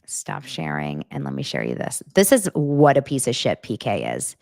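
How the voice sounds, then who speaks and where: Woman gossip podcast host, low voice, dry close sound, animated reactions. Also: moderate pace, vocal fry, no room sound. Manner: animated, exclaiming and reacting while reading posts aloud. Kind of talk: casual celebrity gossip commentary.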